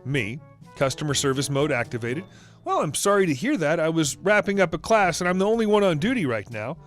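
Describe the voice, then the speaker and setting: A man tells a reddit story in a scripted narration style, keeping one voice for every character's dialogue. His voice sits high for a man. Faint music plays underneath. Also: sing-song, fairly quick.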